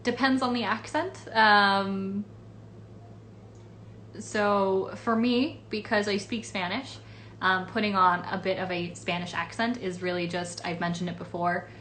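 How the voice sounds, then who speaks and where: A woman's voice: mid-range voice, a bit bright, slight background noise. A woman voice actress answering fan questions in a casual livestream, chatty and rambling with many fillers. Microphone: phone or webcam livestream.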